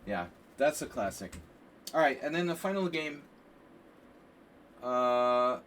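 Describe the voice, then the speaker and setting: A man casually commenting on chess games during a live stream, rambling and animated with lots of filler words. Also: medium pitch, slow, long pauses. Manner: rambling and animated, frequent "like" and "you know". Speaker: chess coach streaming a lesson. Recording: distant mic with faint background hiss.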